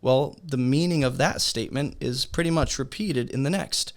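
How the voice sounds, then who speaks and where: A man teaching a beginner's Bible study lesson in a relaxed, conversational way, asking his listeners rhetorical questions. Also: medium pitch, normal speed.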